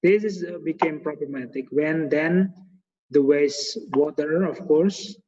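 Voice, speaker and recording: A man's voice: fairly high pitch, measured pace, darkish tone. A man with an Indonesian accent hosting a webinar, speaking hesitant English with many fillers and repeated words. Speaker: host of a guest lecture webinar. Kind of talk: hesitant conversational English on a video call. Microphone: video call. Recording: echoey, muffled video call audio.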